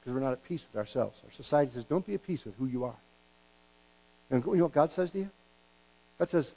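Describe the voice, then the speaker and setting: A man's voice: medium pitch, lively intonation, brisk, pauses often. Folksy joking pastor, a man on lo-fi audio. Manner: folksy and joking, stumbling restarts, acts out quotes. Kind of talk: sermon. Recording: dull lo-fi recording with hum.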